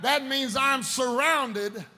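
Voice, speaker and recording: A man preaching a live sermon, fervent and often breaking into shouts as he speaks straight to the crowd, in a large worship hall. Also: very high voice, slow pace. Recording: long reverb in a big hall, faint ambience.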